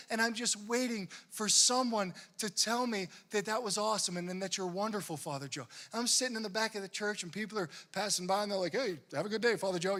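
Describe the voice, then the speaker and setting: A young Catholic priest speaks in a conference hall with a high, bright voice. He jokes with the audience and drives his talk with animated stories, slipping into other people's voices to act out what they said.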